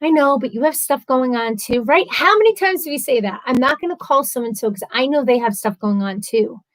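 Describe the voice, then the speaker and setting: A woman's voice: high voice, animated, brisk, no echo, poor audio. Chatty woman hosting a live stream. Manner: chatty and earnest, talks a lot. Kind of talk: casual heartfelt live stream talk.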